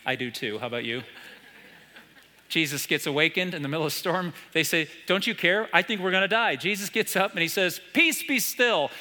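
Bright-voiced American preacher in a reverberant hall. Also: male voice, a little high. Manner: storytelling, with rhetorical questions to the congregation. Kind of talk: sermon. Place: church stage.

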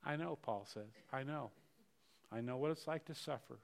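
A middle-aged male pastor preaching a sermon earnestly, repeating words and swinging between loud rises and quiet passages. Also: mid-range voice, normal speed, vocal fry.

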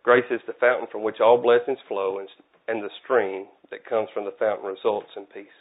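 A man's voice: fairly low pitch, fairly even intonation, normal speed. A man preaching a casual, conversational sermon, folksy and self-deprecating. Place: church. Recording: tinny phone-like audio.

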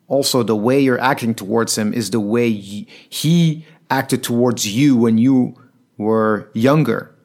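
A man's voice: mid-range voice, a little slow, a little mellow. A man telling a personal story to an audience in an earnest, reflective way.

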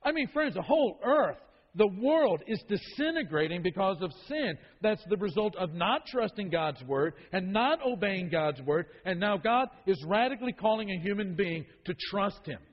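A man's voice: high-pitched, animated, moderate pace, hardly any pauses. A man teaching a Bible study in a sermon style, emphatic and repeating key phrases for weight. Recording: dull lo-fi sound with long hall reverb.

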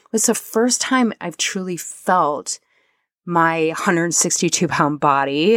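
In a personal, reflective podcast monologue, the female host speaks softly and earnestly about her own experience, emotional enough to come close to tears at times. Her voice is on the low side, with no room sound.

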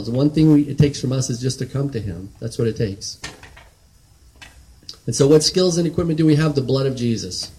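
A man's voice: medium pitch, warm tone, rough recording. A man preaching a sermon in an earnest, conversational way, often restarting and checking in with "right?".

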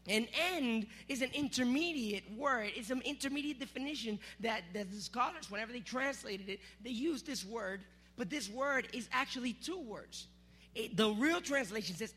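A man preaching to a youth group, energetic and teasing, calling out to the crowd. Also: very high voice, moderate pace, breathy edge. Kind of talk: sermon with object lesson.

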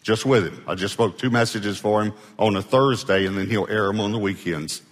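A man's voice: fairly low pitch, a little fast. A male pastor preaching a sermon in a conversational way, prompting the congregation to answer him. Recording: long hall reverb.

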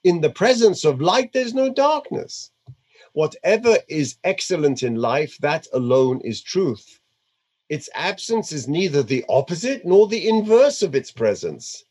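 A man doing a male Indian guru with a put-on Indian accent, reading slowly and deliberately, leaning hard on key words. The voice sits a little high and swings widely in pitch. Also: very animated, darkish tone. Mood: solemn.

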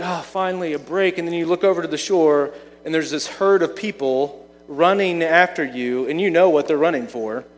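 A man delivers a sermon in an easygoing, conversational tone, often asking his listeners questions. His voice sits a little on the high side. The sound carries a long reverb, as in a large hall. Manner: conversational preaching with rhetorical questions. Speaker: pastor.

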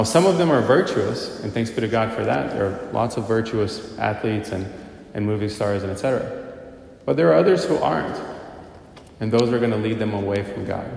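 A man's voice: on the low side, vocal fry, darkish tone. A man preaching a sermon, telling a story earnestly and posing rhetorical questions to the congregation. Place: church. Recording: echoey church hall.

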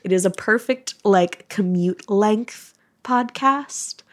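A woman's voice: mid-range voice, slow pace. A woman co-hosting a music podcast, chatting casually, bubbly and laughing often. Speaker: podcast co-host.

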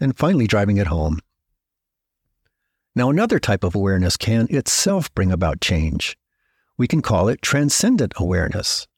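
A middle-aged man hosting a podcast, telling stories in a measured, reflective scripted narration that slows down to stress key words. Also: lowish voice, breathy edge, dry recording, clean studio sound. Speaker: podcast host.

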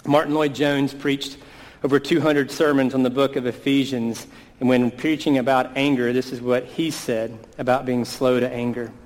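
A man in his thirties delivering a sermon, earnest and deliberate, stretching out the words he wants to land. His voice rings out in a church hall with a long reverb trailing each phrase. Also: mid-range voice, flat delivery. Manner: earnest, slows down for emphasis on key words. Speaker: pastor.

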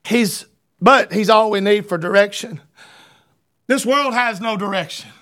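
A man preaching a fervent sermon, often shouting and stumbling over repeated words. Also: high-pitched, a little slow.

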